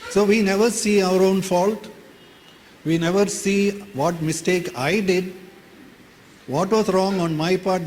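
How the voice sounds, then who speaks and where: A man with an Indian English accent preaches in a plain, conversational way, repeating his key phrases. His voice sits a little high for a man. It rings with a long reverb in the church hall, with a faint hiss underneath. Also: a little mellow. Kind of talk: sermon.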